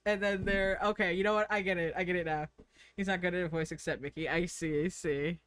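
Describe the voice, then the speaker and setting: A woman's voice: lowish voice, fairly even intonation, a little fast, a bit bright, clean tone, no room sound. A young woman streaming, chatting casually and giggling while she draws and reads chat. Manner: chatty, giggly, thinks aloud.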